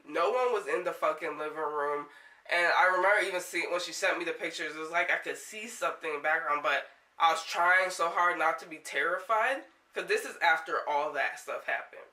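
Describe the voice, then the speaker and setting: A woman's voice: low-pitched, fairly quick, bright, forceful tone, far from the mic. A young woman vlogger telling a story in a rambling, shaken way, full of fillers and swearing. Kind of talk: storytelling vlog. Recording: echoey room, set back from mic.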